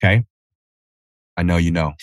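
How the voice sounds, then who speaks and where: A man in his thirties from Tennessee, hosting a casual solo podcast outdoors, telling animated, profane stories. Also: low voice, normal speed, dry recording. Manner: animated storytelling with cursing and self-interruptions. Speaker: podcast host.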